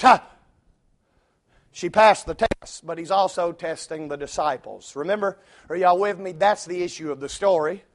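A male preacher, delivering a sermon that swings from low asides to shouted climaxes. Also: normal speed.

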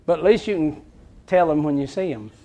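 A preacher delivers a sermon in a frank, folksy manner, breaking into chuckling asides. His voice sits high for a man. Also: a little fast, dark tone, a little hiss or hum. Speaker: pastor.

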